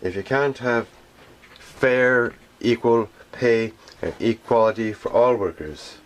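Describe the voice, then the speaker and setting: A man, a garbage collector, giving an emphatic, indignant rant that keeps circling back, often pausing with "how you say.". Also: mid-range voice. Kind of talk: ranting monologue.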